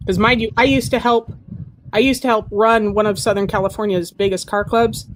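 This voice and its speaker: A woman's voice: medium pitch, fairly even intonation, a little fast. A woman guest in a casual chat, talking candidly and bluntly.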